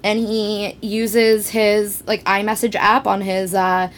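A woman's voice: medium pitch, level tone, takes it slowly. A young woman from Canada, a podcast guest chatting casually and joking, laughing often.

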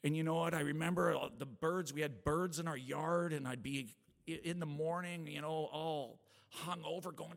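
Gravelly man speaking in a reverberant hall. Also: a little high, normal speed. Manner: lively, chatty, laughs often, acts out voices. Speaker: worship leader giving a testimony. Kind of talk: prayer and personal testimony talk. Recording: long reverb of a large hall.

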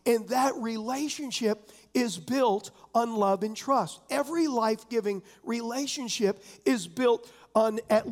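A man pastor preaching a conversational sermon, often asking the congregation questions. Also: extremely high pitch. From San Diego area.

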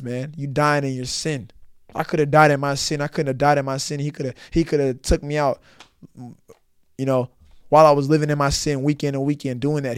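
A man's voice: fairly high pitch, smooth, no room sound, studio quality. A young man preaching earnestly and then praying, repeating himself for emphasis and often ending phrases with "man". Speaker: Christian podcast host.

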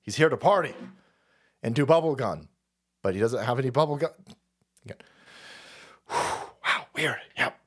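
A man's voice: medium pitch, lively intonation, unhurried, long pauses, fairly bright tone, slightly rough. A man hosting a livestream, ranting about politics in a profane, rambling way and laughing often. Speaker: livestream host.

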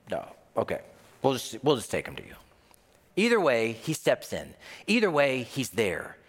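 Man, pastor, sermon, animated storytelling, acts out voices, lively intonation, long hall echo. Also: medium pitch, moderate pace.

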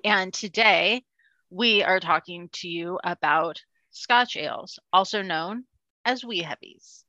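A woman's voice: fairly low pitch, takes it slowly, bright, forceful tone, no room sound, muffled recording. A woman co-hosting a podcast about beer in casual chat, playful and teasing. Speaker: podcast co-host, beer educator.

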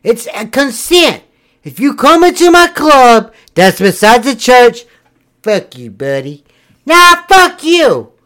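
A man voicing a hot-tempered, foul-mouthed preacher who runs a strip club, shouting and threatening in improvised podcast comedy. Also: very high voice, big pitch swings, slow, clear, resonant tone, full character voice. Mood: ranting.

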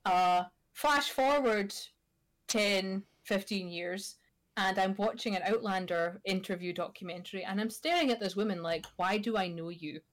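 A woman's voice: medium pitch, moderate pace. A Scottish woman in her thirties, co-hosting a podcast and telling a sweary, wry story in casual chat. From Scotland. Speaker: podcast co-host.

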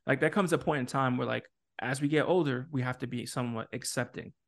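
A man's voice: mid-range voice, fast, creaky. A man co-hosting a casual podcast chat, talking emphatically, often laughing and working out his points aloud as a parent with opinions. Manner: animated, emphatic, laughs often, restarts and asks for words. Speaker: podcast co-host.

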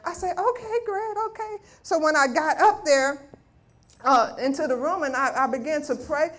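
Animated high-voiced woman preaching testimony. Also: normal speed. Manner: animated storytelling, acting out voices of family members. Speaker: guest speaker at a women's ministry meeting.

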